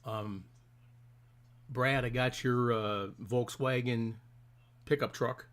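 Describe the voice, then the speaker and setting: A man's voice: medium pitch, steady tone, slow pace, fairly bright tone. A middle-aged man hosting a casual live stream, rambling in a friendly way and greeting his viewers by name.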